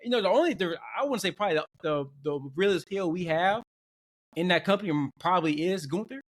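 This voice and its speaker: A man co-hosting a podcast, chatting casually and telling stories with lively acted-out quotes. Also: high voice, fairly quick. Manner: animated storyteller who jumps into exaggerated quotes. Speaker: podcast co-host. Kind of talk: casual chat.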